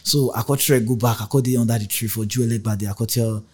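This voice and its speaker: A man's voice: medium pitch, steady tone, fast, a little mellow, breathy edge. A young Nigerian man with a Warri pidgin accent, telling stories in a casual interview, mixing pidgin and English, acting out voices and laughing often. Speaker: rapper interviewed as guest.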